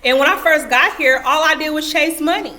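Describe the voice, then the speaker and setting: A woman's voice: high voice, fairly quick, bright, forceful tone. A young adult woman giving casual, emphatic advice to camera in a vlog, repeating her points and talking to herself. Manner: repetitive, emphatic, self-talk asides. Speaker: vlogger.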